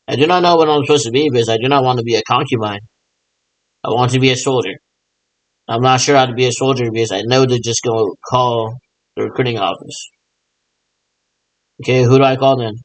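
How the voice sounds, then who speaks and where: A man's voice: mid-range voice, steady tone, brisk, long pauses, no room sound, low-quality recording. A man in a rambling, improvised monologue, mimicking radio check chatter and answering himself in a repetitive back-and-forth.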